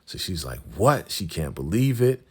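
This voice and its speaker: A man's voice: sits low, lively intonation, moderate pace. A man casually recapping a TV episode, retelling scenes and acting out the characters' lines in a slangy voice. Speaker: recap host.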